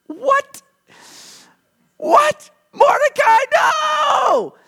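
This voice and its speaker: A man voicing a proud, boastful ancient court official, with a loud, exaggerated delivery. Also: very high voice, sing-song, normal speed, pitched above the performer's own voice, full character voice. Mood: panicked. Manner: exaggerated, shouting in panic.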